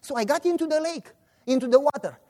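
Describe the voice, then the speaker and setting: A man's voice: extremely high pitch, fast. A man with a Romanian accent preaching a sermon, telling stories animatedly and voicing the people in them. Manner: animated storytelling, voices his characters.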